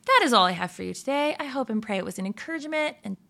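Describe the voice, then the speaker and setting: A woman with a bright, forceful voice giving casual devotional encouragement. She talks earnestly and keeps asking rhetorical questions, and she laughs off her own slips. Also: fairly high pitch, expressive, racing, creaky. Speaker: Christian devotional speaker.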